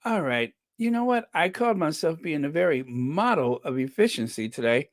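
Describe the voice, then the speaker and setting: A man's voice: fairly high pitch, sing-song, normal speed, dry recording, clean studio sound. A man hosting a casual live stream, greeting viewers by name and chatting with jokey asides.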